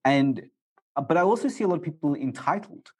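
A man in his forties, raised in Australia, talking as a guest in an interview in an excitable, animated way. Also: a little high, breathy edge. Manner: excitable, quick, animated storyteller. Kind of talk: casual interview talk.

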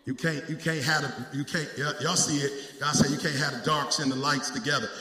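A man preaching a sermon in call-and-response style, climbing into shouted peaks and dropping back to quick asides to the congregation. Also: a little high, fairly even intonation. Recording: echoey hall, roomy.

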